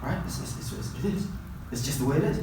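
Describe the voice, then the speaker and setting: Man from Uzbekistan, motivational presenter, lively voice that swings in pitch, heavy room echo heard from a distance. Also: fast talker. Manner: animated, repeats himself, keeps asking "right?". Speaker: guest presenter at a language academy. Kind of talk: motivational talk to students. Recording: heavy echo, far from mic, faint noise.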